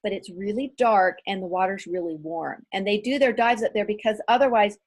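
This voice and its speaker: A middle-aged woman, a guest author, telling stories in an animated, self-deprecating way during a casual interview. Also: medium pitch, brisk.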